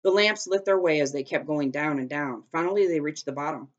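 A woman teacher reading a children's chapter book aloud in a steady, careful way, with small slips. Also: low-pitched, fairly quick, dull audio. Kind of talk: storybook read-aloud.

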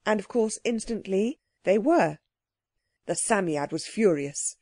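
A woman narrating a children's audiobook with clear, expressive storytelling. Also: medium pitch, measured pace, dry recording, clean studio sound.

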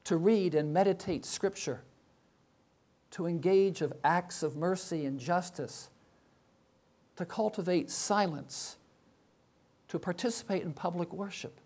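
A man's voice: high voice, unhurried, pauses often, darkish tone. An older man, a professor, giving a reflective sermon full of rhetorical questions. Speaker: professor and chapel speaker.

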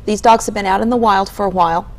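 A woman's voice: mid-range voice, fairly even intonation, quick pace, poor audio. A woman hosting a morning TV pet segment, upbeat and leading with questions. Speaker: TV host. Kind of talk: TV morning show chat.

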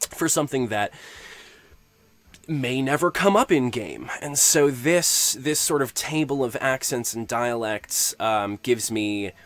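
A man's voice: lowish voice, a bit bright, no room sound. A man, a game master, explaining tabletop tips in a conversational tutorial, thinking aloud with frequent restarts and hesitations.

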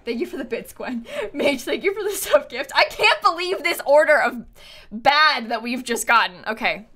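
A woman streaming a game live, chatting to her viewers in an excitable way, laughing often and shouting in exasperation. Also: sits high, normal speed. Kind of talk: live-stream chat while gaming.

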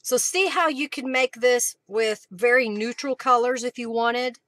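A woman's voice: on the high side, measured pace, fairly bright tone, no echo. Chatty woman hosting a craft stream. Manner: chatty, thanks viewers by name, clears throat often. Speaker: craft live-stream host. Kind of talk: casual live-stream craft demo.

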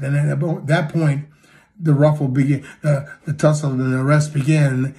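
A man preaching a sermon, retelling a story with acted quotes and swinging between loud and hushed delivery. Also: fairly high pitch, flat delivery, moderate pace.

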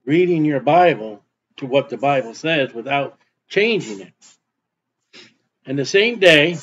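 A man's voice: a little high, lively intonation, a little slow, fairly bright tone, highs cut off, slight background noise. A male preacher reading scripture aloud and explaining it in plain, conversational asides. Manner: reads verses then explains in plain asides. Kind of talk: sermon, Bible reading with commentary.

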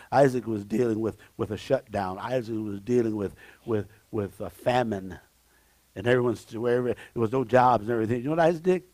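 A man preaches as pastor in a church sanctuary, alternating between shouting and quiet asides, repeating important phrases and crying out in praise. The recording carries no room sound.

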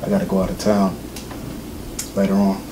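A man voicing a cheating husband who dodges and stammers and pleads for calm. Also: low-pitched, moderate pace, recorded from a distance, natural voice. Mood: smooth. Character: cheating husband, evasive and smooth-talking. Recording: echoey room, off-mic, noisy.

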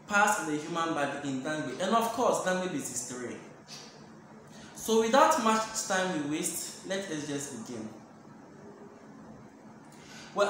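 A man from Ghana teaching a language lesson, saying each phrase slowly several times over. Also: high-pitched, fairly bright tone. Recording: very echoey room, faint background noise.

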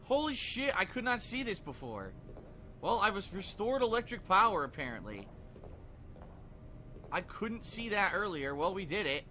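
Guy playing a game and cursing at it, kinda high voice, super bright. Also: very animated, normal speed, pauses often, slight background noise. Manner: frustrated muttering with frequent swearing. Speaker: let's play gamer. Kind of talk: live gameplay commentary.

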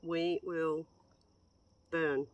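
A woman paranormal investigator outdoors in a cemetery, slowly calling out the words she hears in a sensory deprivation session, often exclaiming in surprise. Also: sits low, level tone, lo-fi sound, a little hiss or hum. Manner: slow, halting, exclaims in surprise.

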